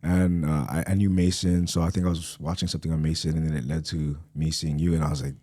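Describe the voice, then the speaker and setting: A man's voice: a bass voice, steady tone, fast talker, hardly any pauses, dark tone. A man hosting a casual podcast interview, talking in a laid-back, slangy way and acting out what people say. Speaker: podcast host.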